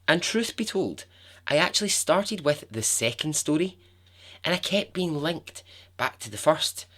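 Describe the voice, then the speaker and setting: A man hosting a podcast, telling a true story in a chatty, expressive way with frequent asides to the listener. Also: fairly high pitch, unhurried. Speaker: podcast host.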